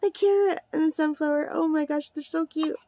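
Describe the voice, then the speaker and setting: A woman's voice: sits high, steady tone, a little fast, dark tone. A woman hosting a craft channel, unboxing a gift in a casual vlog, giggly and gushing, rambling, overtired on little sleep.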